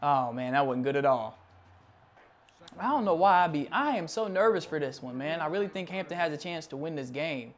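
A young man with a fairly high voice calls his football video game as he plays it. He mutters quietly through the rosters, then jumps to loud, excited play-by-play on big plays. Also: a little fast, a little hiss or hum. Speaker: gaming channel host.

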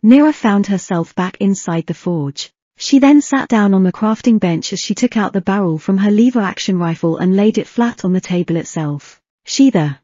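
A woman narrating a fan fiction audiobook with a steady reading pace and an occasional slip. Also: mid-range voice, no echo, lo-fi sound.

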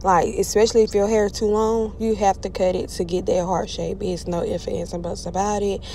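Young woman, hairstylist, chatty, animated, faint background noise. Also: medium pitch, fairly quick. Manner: chatty, animated, frequently addresses viewers. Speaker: hairstylist vlogger. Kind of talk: casual tutorial chat.

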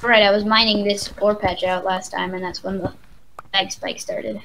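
A woman's voice: medium pitch, level tone, moderate pace, background noise. A woman casually chatting and joking while playing a game with a friend, rambling on. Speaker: let's play co-host. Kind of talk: casual gaming chat.

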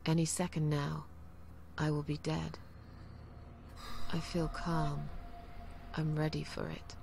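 Brief: a weary, hopeless woman, deep and monotone, video game voice-over. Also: takes it slowly, gravelly, faint music behind, full character voice. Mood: resigned. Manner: flat, resigned, half-whispered narration. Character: weary, despairing middle-aged woman.

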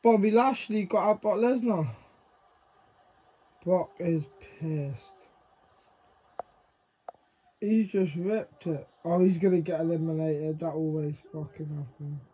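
A man giving casual, excitable reaction commentary to the screen, swearing freely. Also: fairly high pitch, slow pace, long pauses, slightly rough, muffled recording. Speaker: reaction video creator.

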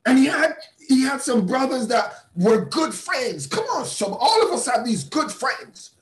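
A man who is a bishop, mentoring a class in a preaching style. He is emphatic, repeats words and breaks into sudden shouts. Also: very high voice, very animated, measured pace, reverberant. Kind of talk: motivational teaching talk in a preaching style.

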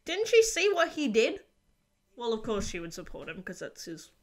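A young woman giving casual reaction commentary on a show, gushing and excitable with frequent gasps and exclamations. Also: fairly high pitch, moderate pace. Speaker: video reviewer reacting to a series finale.

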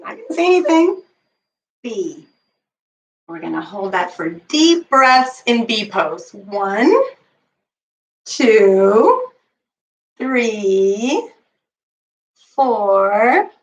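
Woman with a higher voice, slow-paced kids yoga teacher, counts poses patiently, mic set back. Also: echoey room, distant mic, rough recording. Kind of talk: guiding a children's bedtime yoga class.

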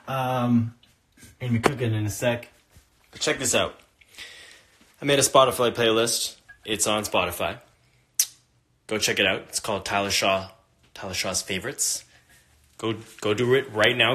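A man hosting a casual cooking livestream from his kitchen, talking in a relaxed, rambling way and repeating himself as he chats to viewers. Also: medium pitch. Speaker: livestream host. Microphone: phone livestream. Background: music playing.

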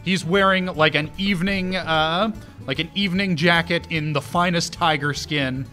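A man's voice: fairly high pitch, fairly even intonation, normal speed, bright, forceful tone, soft background music. A man running a tabletop game as dungeon master, narrating in a loose way full of laughs and fillers.

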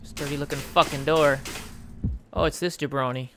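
A let's play commentator giving casual gaming commentary, sarcastic and swearing freely while yelling at the game characters. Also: medium pitch, fairly even intonation, normal speed, music in the background.

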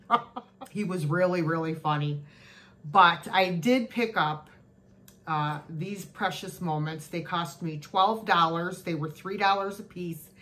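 A woman's voice: lowish voice, fairly bright tone. A woman chatting casually to camera as she shows her yard sale haul, gushing over each cute find. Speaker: thrift haul vlogger. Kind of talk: casual show-and-tell chat.

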